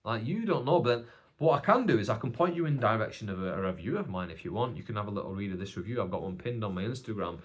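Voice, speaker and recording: A young man talking casually on his own podcast, animated and jokey, often putting on raised mocking voices when he quotes other people. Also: fairly low pitch, racing. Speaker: podcast host and stand-up comedian. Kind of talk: casual solo podcast monologue.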